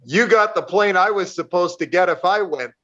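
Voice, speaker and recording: A man chatting slowly on a group video call, agreeing and laughing along with the others. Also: high voice, lo-fi sound, background noise. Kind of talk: casual group video chat.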